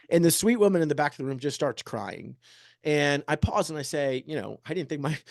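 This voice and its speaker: A man in his thirties, a real estate agent giving an energetic, joking motivational talk and peppering the room with rhetorical questions. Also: fairly high pitch, no room sound, studio quality. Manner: joking, upbeat. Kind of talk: motivational presentation to an audience.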